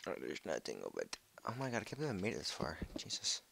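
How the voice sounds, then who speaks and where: A young man giving casual gameplay commentary from home on a headset mic, excitable, jumpy and swearing often. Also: low voice, very fast, creaky, noisy background. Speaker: gaming video creator.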